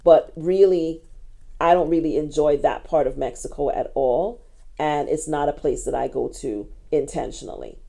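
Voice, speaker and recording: Low, gravelly woman giving travel advice. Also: normal speed, warm tone. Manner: frank, opinionated, practical. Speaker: travel vlogger. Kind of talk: direct-to-camera travel advice.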